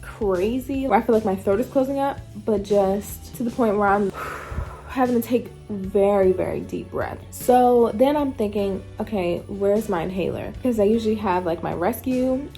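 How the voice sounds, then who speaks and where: A woman's voice: medium pitch, animated, normal speed, warm tone, soft background music. A woman vlogger telling a story in a casual, chatty way, acting out her own thoughts as she goes.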